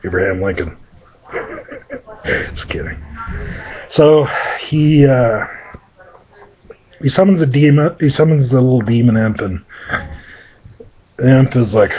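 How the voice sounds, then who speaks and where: Husky man rambling through a comic tale. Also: mid-range voice, expressive, slow, pauses often, lo-fi sound. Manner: rambling, joking asides, heavy fillers. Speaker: storyteller. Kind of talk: improvised comic storytelling.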